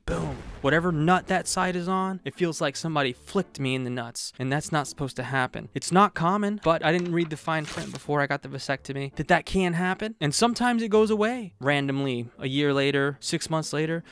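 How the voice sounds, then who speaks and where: A man's voice: medium pitch, creaky. A tired man in his thirties rambling through a jokey, self-deprecating monologue to camera on a wired microphone. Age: 30s. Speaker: vlogger. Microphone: wired XLR microphone.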